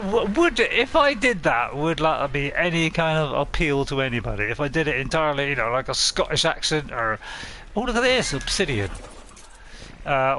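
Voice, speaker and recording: A man streaming a game, talking in a loose, rambling and playful way. His pitch sits a touch high and bounces around a lot. The tone is bright, and there is a faint hiss behind him. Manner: playful, rambling, laughs often. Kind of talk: casual live-stream chat.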